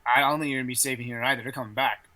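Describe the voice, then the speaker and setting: A man's voice: medium pitch, steady tone, rapid-fire, sharp tone, rough recording. A man narrating a tabletop role-playing game as game master, rambling with many fillers.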